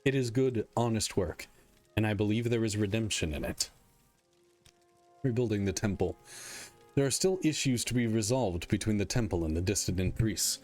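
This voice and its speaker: A man reading aloud the lines of a weary male god-king who speaks dryly and candidly, in a plain, measured voice. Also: fairly low pitch, darkish tone, close to an everyday voice.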